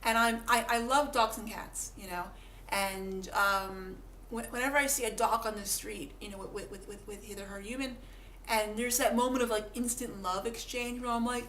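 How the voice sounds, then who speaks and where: Steady in tone and at a normal speed, her voice is on the high side and a bit bright. She's a vlogger chatting casually to camera, poking fun at herself, repeating words, and acting out little animal voices in an echoey room with faint background noise.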